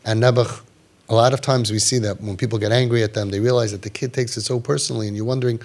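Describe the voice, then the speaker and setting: Animated man advising parents. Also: mid-range voice, fast talker. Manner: animated, acts out quoted parents and kids in raised voices; sprinkles Hebrew and Yiddish religious terms. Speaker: parenting podcast host giving guidance. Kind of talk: passionate advice talk to parents.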